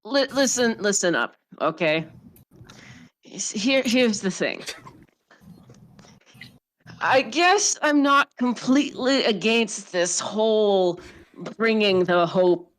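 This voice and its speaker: A woman's voice: medium pitch, lively intonation, slow, pauses often. A young woman in her twenties roleplaying a drunk, slurring, swearing character at a tabletop game.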